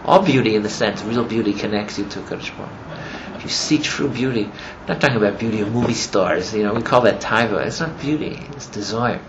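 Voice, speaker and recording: A man teaching a class as he retells a story, rambling and filling his talk with "you know", and growing animated as the story builds. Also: lowish voice, a little fast, hardly any pauses. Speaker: religious teacher. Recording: muffled with steady background noise.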